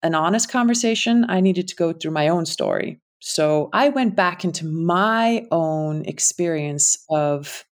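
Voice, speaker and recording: A middle-aged American woman with a Connecticut accent, an impact investing founder, speaks as a guest in a reflective interview. She's candid and thoughtful, sometimes trailing off, and her fairly low voice is unhurried with hardly any pauses.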